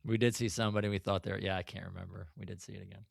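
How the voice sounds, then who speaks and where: A man's voice: low-pitched, level tone, very fast, creaky, no room sound, studio quality. A man co-hosting a casual podcast chat about an old comedy episode. He jokes a lot and reads his own notes aloud. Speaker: podcast co-host.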